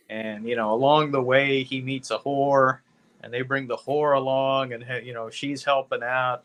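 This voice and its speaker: A man with a bright, forceful voice talks through a movie review as a podcast co-host. His delivery is loose and meandering, peppered with "you know" and easy profanity. He keeps an unhurried, casual tone. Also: medium pitch, steady tone. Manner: rambling, laid-back, profane, heavy with "you know".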